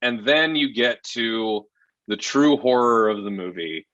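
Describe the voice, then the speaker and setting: A man's voice: mid-range voice, lively intonation, a little slow, a bit bright, no room sound, dull audio. A man reviewing a film in casual chat, rambling and profane, often exasperated.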